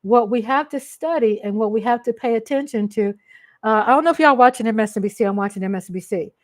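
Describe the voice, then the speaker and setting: A woman's voice: fairly high pitch, fast talker. A woman from Texas, hosting a casual livestream, talking emotionally and ranting straight to her viewers. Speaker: livestream host. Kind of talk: casual live-stream chat.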